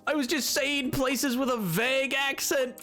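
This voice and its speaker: A man's voice: extremely high pitch, steady tone, moderate pace, bright, forceful tone, soft background music. A man live-streaming a game, chatting casually and playfully with his viewers, rambling and pleading in mock protest as he reacts to chat. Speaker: livestreamer. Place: home streaming setup. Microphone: desk microphone.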